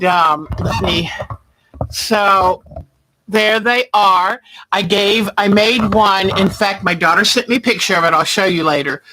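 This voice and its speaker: Slow, bright-voiced woman host. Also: medium pitch, no echo, rough recording. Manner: chatty, rambling, greets viewers by name. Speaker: quilting livestream host. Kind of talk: casual chat.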